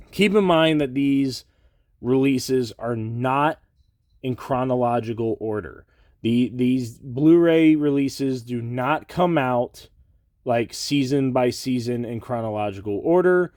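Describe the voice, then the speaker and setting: A man's voice: medium pitch, darkish tone, no room sound, studio quality. A man with a cold and a congested, nasal voice, rambling casually and a little hesitantly to the camera indoors. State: has a cold. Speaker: collector vlogger. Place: indoors beside a shelf.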